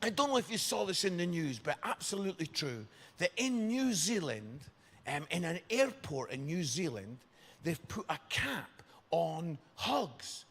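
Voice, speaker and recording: High-voiced Scottish man telling stories in a hall. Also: a little slow. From Scotland. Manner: chatty, keeps asking "yeah?" for agreement; animated, jumps into loud shouts. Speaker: guest speaker at a church service. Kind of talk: comic storytelling to a live audience. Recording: echoey hall.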